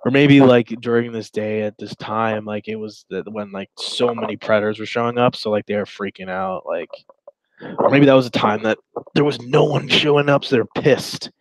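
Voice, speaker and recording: A man's voice: fairly low pitch, steady tone, moderate pace, dry recording, low-quality recording. A man co-hosting a casual podcast, rambling and crude as he reacts to chat logs, often trailing off and restarting. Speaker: podcast co-host.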